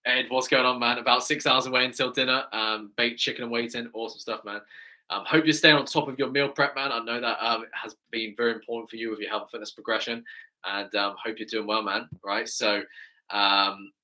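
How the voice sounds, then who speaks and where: A man's voice: mid-range voice, steady tone, a little fast, sharp tone. A man with an English accent, a fitness coach chatting enthusiastically with viewers on a live stream Q&A, often tagging his sentences with "right?".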